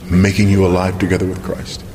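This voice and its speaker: A man with a low voice delivers a sermon. He talks in earnest, searching tones and presses his listeners with pointed questions. His voice rings with a long hall reverb. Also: monotone, a little mellow, slight background noise. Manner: earnest, questioning, with emphatic pauses. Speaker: preacher.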